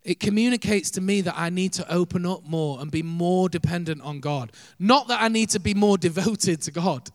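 A man's voice: high-pitched, normal speed, hardly any pauses, no room sound. A man preaching a sermon, earnest, shifting his pace and volume for emphasis, with light laughs.

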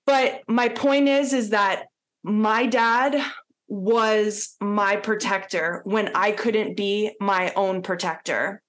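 A woman's voice: mid-range voice, steady tone, slow, a bit bright. A woman co-hosting a podcast, talking in an earnest, heartfelt casual chat with many "like" fillers. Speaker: podcast co-host.

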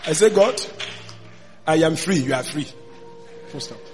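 Pastor preaching in a reverberant hall. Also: male voice, fairly high pitch, animated, a little slow. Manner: storytelling sermon, swings from hushed to shouting. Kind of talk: sermon. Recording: long hall reverb with faint music.

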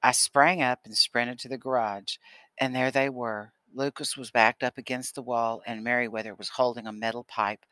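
A man narrating an audiobook in a steady storytelling manner. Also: mid-range voice, moderate pace, clear, resonant tone, no room sound. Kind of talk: scripted narration.

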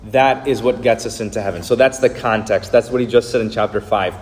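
A man's voice: lowish voice, fairly even intonation, brisk. Man, pastor, sermon, earnest, explanatory, uh fillers, long hall reverb.

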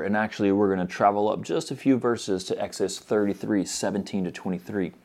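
A man preaching a sermon earnestly, moving between loud urgent stretches and soft hushed ones. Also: fairly low pitch.

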